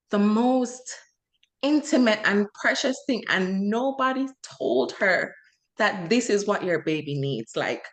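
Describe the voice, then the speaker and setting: Woman, young adult, earnest, impassioned, casual podcast chat, filler words. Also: mid-range voice. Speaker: podcast co-host.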